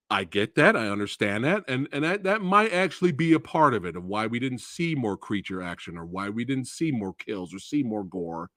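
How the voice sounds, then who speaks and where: Animated, profane man ranting about a movie. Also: medium pitch, normal speed, few pauses, no echo, studio quality. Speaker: movie reviewer host. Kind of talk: ranting live stream review.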